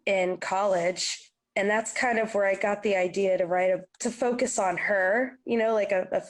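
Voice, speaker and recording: A woman's voice: mid-range voice, normal speed. A young adult woman, a singer-songwriter, chatting in an interview and acting out the people in her stories. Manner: animated storyteller, acts out quotes. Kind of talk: casual interview chat.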